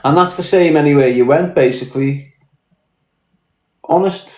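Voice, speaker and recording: A man's voice: a little high, normal speed, echoey room, a little hiss or hum. A man with a Scouse accent from Liverpool, hosting a casual live-stream. He talks bluntly, swears heavily and confronts people. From Liverpool, England. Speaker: podcast host.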